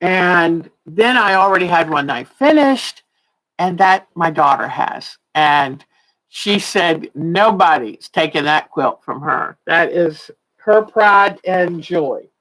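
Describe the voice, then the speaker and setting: A quilting teacher in her sixties chats on a casual livestream, laughing often though a little tired and yawning. Her lowish voice is animated, slow and a bit bright, and the audio is poor.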